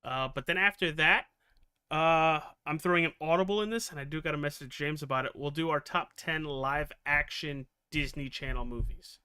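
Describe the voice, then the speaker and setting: A man's voice: on the high side, normal speed, bright, forceful tone, clean tone, dry recording, clean studio sound. A man hosting a casual live podcast, rambling through announcements with many fillers. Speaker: podcast host.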